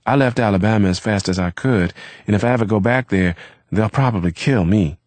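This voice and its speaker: A man voicing an eager, lonely young American from the South, with a quick, eager delivery. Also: lowish voice, darkish tone, no room sound, voice pushed up, natural voice. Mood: earnest.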